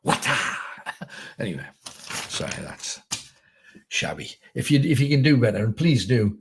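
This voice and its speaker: A man's voice: mid-range voice, sing-song, a little slow, vocal fry, slightly rough. A middle-aged man from North East England, hosting a casual, rambling livestream chat, reading viewer comments and telling jokes in a self-deprecating way. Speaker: host.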